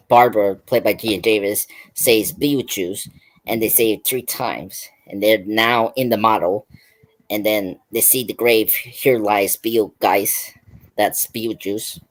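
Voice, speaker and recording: Rambling male movie-review host. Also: lowish voice. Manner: rambling retelling of scenes, full of "like" and restarts. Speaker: host of a pop culture review stream. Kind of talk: casual film review chat.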